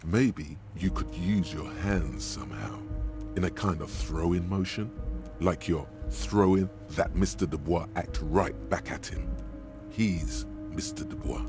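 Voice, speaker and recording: A man doing a deep, slow inner voice. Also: expressive, over music. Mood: urging. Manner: solemn, blunt, scolding. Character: grave inner voice of a detective's mind.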